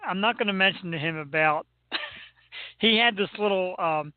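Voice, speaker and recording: A man's voice: high-pitched, moderate pace, no room sound. A man with a Philadelphia accent hosting a casual chat show, teasing and joking as he reads a list. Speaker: podcast host. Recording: tinny phone-like line, dry.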